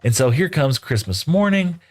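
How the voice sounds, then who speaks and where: A man's voice: fairly high pitch, very animated, normal speed, darkish tone. Middle-aged man, game streamer, chatty folksy storyteller, light music underneath. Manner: folksy, rambling, lots of "you know" and "right?". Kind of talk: casual storytelling while gaming.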